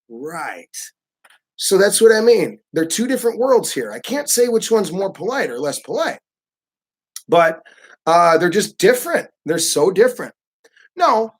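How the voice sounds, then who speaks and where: Animated man vlogging casually. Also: fairly high pitch. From United States. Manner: animated, acts out pushy voices of others. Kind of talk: casual livestream talk.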